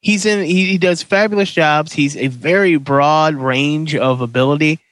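A man hosting a casual movie podcast, excitable and profane, tripping over his words as he calls the votes. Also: on the high side, moderate pace, no room sound. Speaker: podcast host running a movie bracket. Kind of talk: casual chat.

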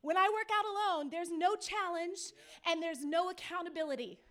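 A woman pastor delivers a sermon in a very high voice. She tells her stories with energy, acting out the people in them and asking her listeners questions directly. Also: normal speed. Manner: lively storytelling, acts out quoted people; speaks to the audience directly with questions.

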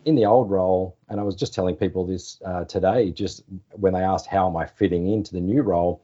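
An Australian man in his forties, a former sports journalist, telling relaxed anecdotes in a podcast interview. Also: sits low, a little fast. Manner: relaxed, anecdotal, acts out quoted phone calls. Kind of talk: casual storytelling interview. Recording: slightly dull podcast audio.

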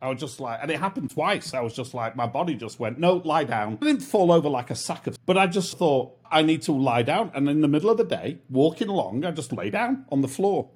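A British man in casual conversation, self-mocking and quick to laugh. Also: fairly high pitch, big pitch swings, husky. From Britain. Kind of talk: casual chat.

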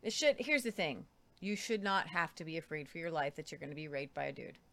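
A woman's voice: sits low, animated, fairly quick, fairly bright tone. A woman co-hosting a news commentary show, retelling stories conversationally and stumbling over names. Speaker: co-host.

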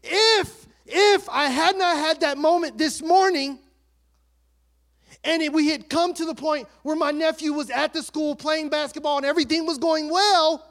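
A middle-aged man preaching a storytelling sermon as pastor, swinging from hushed asides to loud emotional outbursts. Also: extremely high pitch, moderate pace.

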